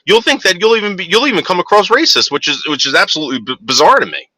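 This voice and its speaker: Guy ranting at his viewers, swears a lot, pitch jumps all over, dry sound. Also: very animated, quick pace, bright, forceful tone, no echo. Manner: heated, profane, repetitive restarts. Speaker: vlogger.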